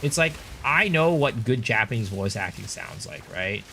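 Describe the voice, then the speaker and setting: Lively, chatty male game streamer. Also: fairly low pitch, normal speed, gravelly, a little hiss or hum. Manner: loose and opinionated, swears, answers chat. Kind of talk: casual livestream chat while gaming.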